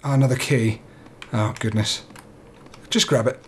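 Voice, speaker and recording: A man's voice: medium pitch, fairly even intonation, moderate pace. A young man playing a horror game, nervously talking himself through it and swearing now and then. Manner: jittery, talks himself through fear, swears. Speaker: let's play gamer.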